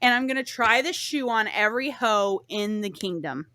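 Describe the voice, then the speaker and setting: A woman's voice: a little high, lively intonation, moderate pace, sharp tone, dry recording. Crude, blunt young prince, played by a woman, casual and dry-sounding. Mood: determined.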